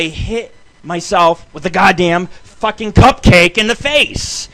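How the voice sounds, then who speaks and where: A man's voice: high voice, measured pace, gravelly. Ranting, foul-mouthed man hosting a show. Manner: loose, swearing, ranting, excitable. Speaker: radio show host. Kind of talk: profane rambling monologue. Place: home studio.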